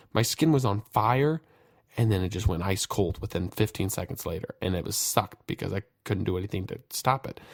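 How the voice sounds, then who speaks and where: Candid low-voiced man telling a story. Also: no echo, clean studio sound. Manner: candid and profane, reenacting his own panicked thoughts. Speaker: podcast host. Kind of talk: personal storytelling monologue. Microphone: podcast mic.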